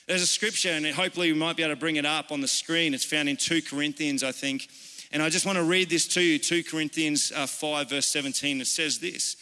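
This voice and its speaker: An Australian man preaching in a church, speaking earnestly and conversationally, as if chatting with the congregation. His voice is bright and a touch higher than most men's, and it rings out with the long echo of a large hall. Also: steady tone, brisk. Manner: earnest, conversational, personal storytelling. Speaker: pastor. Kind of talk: informal sermon. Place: church service.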